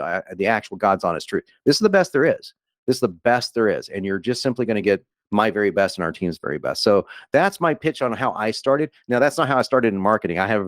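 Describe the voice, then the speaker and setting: A man giving an enthusiastic, rambling sales pitch on a webinar as a guest copywriter, with frequent restarts and laughs. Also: dry recording, studio quality.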